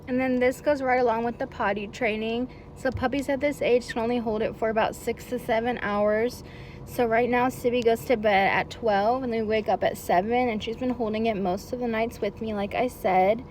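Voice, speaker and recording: Friendly woman dog trainer, fairly high voice. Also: steady tone, moderate pace, a little mellow, slight background noise, rough recording. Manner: friendly, explanatory, with fillers; switches to a high, sing-song praise voice with the puppy. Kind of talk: instructional video for a puppy's owners.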